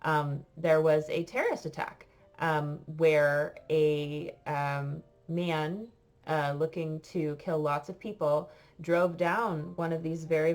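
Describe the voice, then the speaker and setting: An American woman, a French teacher, telling a story to her class in a chatty, halting way with many fillers. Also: deep voice. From United States.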